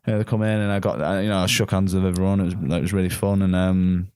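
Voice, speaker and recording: A man, a guest musician telling stories in a relaxed podcast chat, laughing often and slipping into slang. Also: low-pitched, quick pace, smooth, no echo. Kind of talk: casual chat, storytelling.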